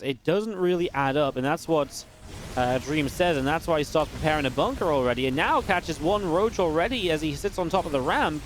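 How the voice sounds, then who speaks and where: A man giving live play-by-play commentary on a strategy game match, quick and excitable, with restarts and filler words. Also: a little high, a little hiss or hum. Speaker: esports caster.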